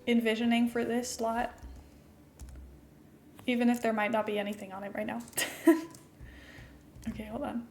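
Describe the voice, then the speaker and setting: A young woman with a fairly high voice and an international-school American accent, chatting as she streams a game. She is chatty and giggly and answers her viewers between building tasks. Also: slight background noise. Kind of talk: casual chat while playing a game live.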